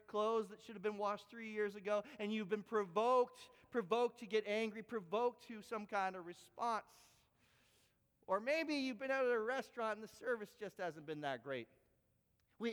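A man preaching a sermon, telling a story with animated, expressive delivery. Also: clean tone. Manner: animated storytelling with big pitch swings. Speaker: pastor. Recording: echoey hall with long reverb.

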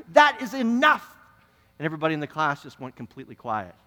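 A young man preaches from a church stage, telling a story in his sermon. His voice sits high and sounds bright and forceful, earnest and animated, often doubling back on his words. The sound carries a long reverb from the church hall. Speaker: pastor. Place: church sanctuary.

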